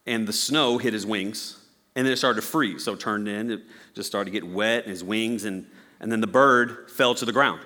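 Pastor type, male, bright voice, animated storyteller, preaching in a reverberant sanctuary. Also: on the low side, normal speed. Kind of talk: sermon.

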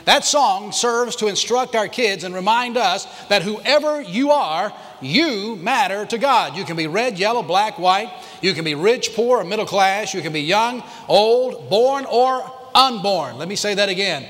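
Emphatic high-voiced preacher in a reverberant hall. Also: male voice, animated, a bit bright. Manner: emphatic, repeats key lines, slows for emphasis. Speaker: pastor. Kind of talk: sermon. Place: church sanctuary.

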